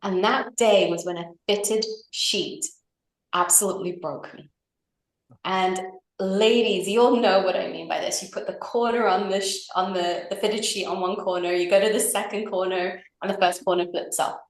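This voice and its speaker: A woman's voice: mid-range voice, fairly even intonation, moderate pace. A middle-aged woman on a video call tells a personal story in a chatty way, often tagging her sentences with "right?" and "you know". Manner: chatty, with frequent tag questions and fillers. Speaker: guest. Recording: echoey room.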